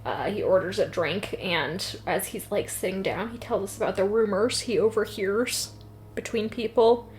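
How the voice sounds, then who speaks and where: A woman co-hosting a casual book podcast, recapping chapters in an animated, jokey way. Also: mid-range voice, moderate pace. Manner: lively recapping with laughs and silly voices. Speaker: podcast co-host. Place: apartment room with landscaping outside. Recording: faint yard noise outside.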